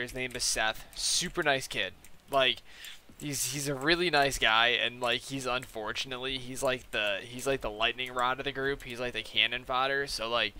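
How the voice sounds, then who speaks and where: A young man spins a long, casual story while playing a game, his speech rambling and profane and packed with "like". His voice is strikingly bright and forceful, and his pitch sits in an ordinary middle range. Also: clear, resonant tone. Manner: rambling, profane, filler-heavy "like". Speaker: gaming video host. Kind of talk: casual storytelling over gameplay.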